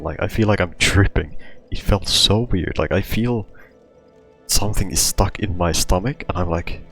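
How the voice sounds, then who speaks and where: Male host, very low voice, casual rambling monologue, lots of filler words. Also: normal speed, creaky, a bit bright, soft background music. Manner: rambling, heavy use of "like", frequent restarts. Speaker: podcast host.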